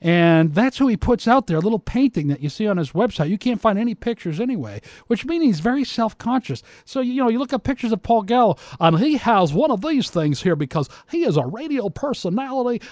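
A man with a fairly high voice holds forth in a casual rant, mocking his target and rambling through false starts. The sound is dry and close, with no room echo. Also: sing-song, brisk, hardly any pauses, darkish tone. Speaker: commentator.

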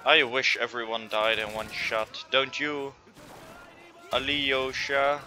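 A man's voice: medium pitch, level tone, slow, pushed and bright. A man commentating on his own gameplay, frustrated and swearing constantly. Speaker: gamer. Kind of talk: let's play commentary.

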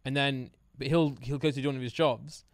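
A man's voice: medium pitch, steady tone, dry recording. A young man co-hosting a podcast, chatting casually and telling playful, jokey stories full of fillers. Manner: quick, jokey, playful storytelling with lots of fillers. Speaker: podcast co-host. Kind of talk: casual chat.

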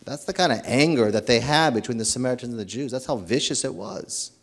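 A priest delivers a sermon in an earnest, storytelling manner. He is a man of average pitch who stumbles into restarts and repeats words as he works through his thoughts. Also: fast talker. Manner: earnest, animated storytelling with acted quotes.

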